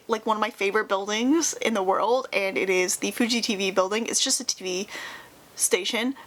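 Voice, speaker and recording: A young woman chatting on her own channel in a loose, rambling way, full of fillers and half-finished thoughts. Her voice sits a little high, and she sounds wistful and nostalgic, close to tears at times. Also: a bit bright. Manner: rambling, lots of fillers and trailing restarts. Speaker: YouTuber. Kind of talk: casual chat.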